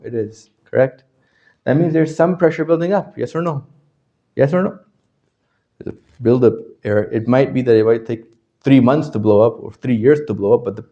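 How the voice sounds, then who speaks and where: A man leads a class with a string of questions, pressing his listeners for answers and checking that they follow. His voice has a mellow, darker tone, and it rises loud and then drops quiet. The recording sounds dull and lo-fi. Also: mid-range voice. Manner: questioning, checks understanding constantly; animated, swings from loud to quiet. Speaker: religious teacher. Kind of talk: interactive lecture to a class.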